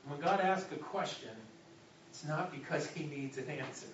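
A man's voice: a little high, moderate pace, far from the mic, a little hiss or hum. Man preaching in an echoey hall. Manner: dynamic preaching, drops to a soft hush for God's voice. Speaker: pastor. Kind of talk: sermon. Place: church hall. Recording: echoey, muffled hall recording from afar.

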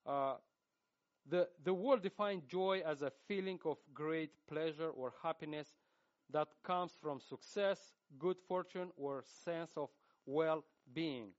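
Slow-speaking preacher with a Russian accent. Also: male voice, a little high, highs cut off. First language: Romanian. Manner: slow, halting delivery with frequent fillers and restarts. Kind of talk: sermon.

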